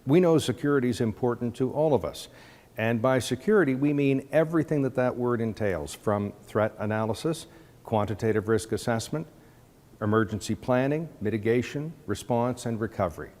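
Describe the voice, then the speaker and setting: A man giving a measured, scripted introduction to camera as presenter. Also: medium pitch, darkish tone. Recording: long hall reverb.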